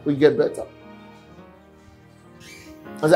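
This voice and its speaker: Earnest pastor, higher voice. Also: male voice, measured pace, long pauses, mellow, soft background music, poor audio. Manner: earnest, repeats words, chuckles. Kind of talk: sermon teaching.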